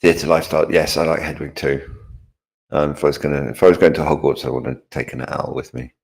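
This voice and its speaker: Low-voiced guy co-hosting a stream, chill, reads out chat comments and replies. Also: quick pace, vocal fry. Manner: relaxed, reads out viewer chat and answers it. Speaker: co-host. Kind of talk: casual live-stream chat.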